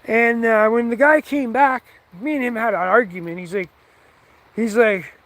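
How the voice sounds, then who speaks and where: A man's voice: very high-pitched, normal speed, a bit bright, no room sound. A man telling a rambling, heated story with lots of swearing, in a casual, offhand way. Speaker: vlogger.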